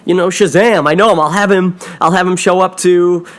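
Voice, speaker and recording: A man's voice: high-pitched, steady tone, fairly quick, fairly bright tone, pitched above the performer's own voice. A man voicing a bullied schoolboy who brags defensively and stumbles over his words. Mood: bragging.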